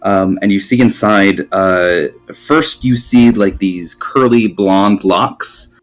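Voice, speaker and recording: A man's voice: deep voice, slow pace, faint music behind. A man narrating as game master in a tabletop game, rambling with many ums and restarts.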